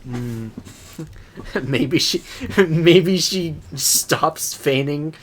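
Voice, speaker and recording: A man's voice: fairly high pitch, extremely slow. A man co-hosting a podcast, joking and laughing often in casual chat about anime. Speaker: podcast co-host.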